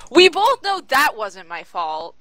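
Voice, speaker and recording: A woman's voice: high-pitched, wildly swooping pitch, unhurried, fairly bright tone, no echo, voice pushed up, heavily acted. A woman voicing a sulky, defiant teenage girl in a tabletop game, whiny and petulant.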